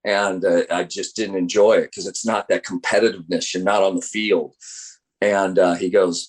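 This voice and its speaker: A man's voice: sits low, normal speed, husky. A middle-aged man, a college baseball coach, telling stories in an interview and acting out the voices of the people he quotes. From United States. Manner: animated storyteller acting out quoted dialogue. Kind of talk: interview storytelling.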